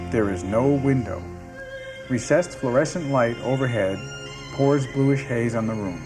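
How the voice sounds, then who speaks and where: A man narrating the stage directions of a sitcom script in a steady, descriptive reading. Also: medium pitch. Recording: music playing underneath.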